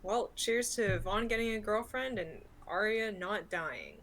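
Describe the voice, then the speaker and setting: A woman chatting as a player in an online tabletop game, friendly and quick with questions. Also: medium pitch, expressive, a bit bright. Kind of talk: casual chat in a tabletop game.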